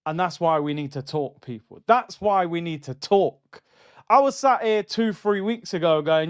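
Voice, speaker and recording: A man hosting a casual fan livestream, animated and full of banter, repeating his phrases. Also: on the high side, moderate pace, clean tone. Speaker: livestream host. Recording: slightly dull lo-fi sound.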